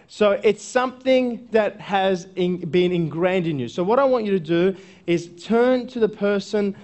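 A man's voice: high voice, darkish tone. A male coach giving a live seminar talk to an audience, conversational, often checking in with the room and repeating phrases. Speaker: workshop speaker and coach.

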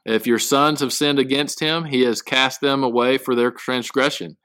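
A man's voice: mid-range voice, fairly even intonation, a bit bright, clear, resonant tone, dry recording. Man teaching a casual Bible study. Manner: reads scripture aloud then explains it in halting casual speech.

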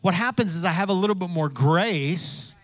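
A man's voice: sits high, animated, moderate pace, fairly bright tone, no echo. A man preaching a sermon in a conversational way, repeating phrases and acting out the voices he quotes. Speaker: pastor.

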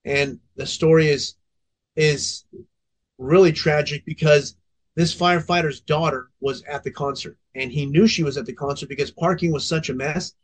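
Intense, profane veteran fire officer. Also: male voice, a little high, steady tone, moderate pace. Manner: intense, profanity-laced storytelling. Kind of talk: candid podcast storytelling.

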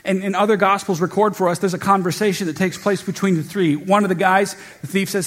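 Husky-voiced man preaching earnestly. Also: fairly even intonation, quick pace, few pauses. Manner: earnest teaching tone, dropping low and soft on quoted scripture. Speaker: pastor. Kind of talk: sermon.

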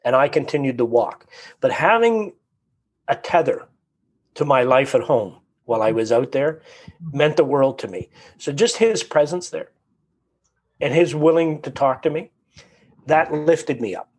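A man telling a personal story in conversation, animated and acting out his own inner voice. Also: on the high side, a little slow, pauses often.

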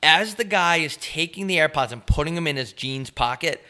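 A man's voice: a little high, normal speed. A young man co-hosting a podcast, telling a story in a casual, profane way and acting out the people he met. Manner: animated storytelling, swearing, acts out voices of people he met. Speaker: podcast co-host. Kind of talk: casual chat.

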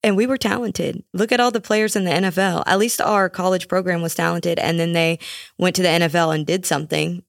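Young woman host, low voice, dry close mic, sarcastic solo rant, casual. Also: a little fast, creaky, no echo. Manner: sarcastic, animated, mocking asides. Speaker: podcast host.

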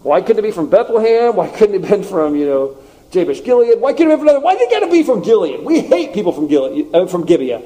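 Whiny complaining Israelite man, high and griping, put on by a preacher. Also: big pitch swings, fast, dark tone. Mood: whining. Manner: griping, exasperated.

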